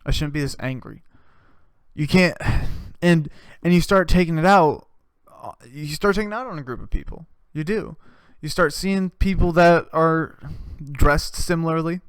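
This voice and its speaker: A man's voice: on the high side, clean tone, no echo, clean studio sound. A man hosting a comedy podcast, delivering a rambling, profane, worked-up rant. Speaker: podcast host.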